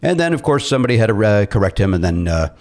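Lively rambling comedic man hosting. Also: on the low side, rapid-fire. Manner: mock-bossy, rambling with many fillers. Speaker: podcast host. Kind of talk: comedic podcast banter.

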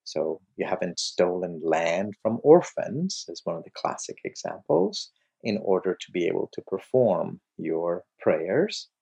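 A man giving a lecture, telling a story in an animated way and acting out its scenes. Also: low-pitched, a little slow, creaky, slightly rough, dull audio. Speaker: lecturer on mystic poetry.

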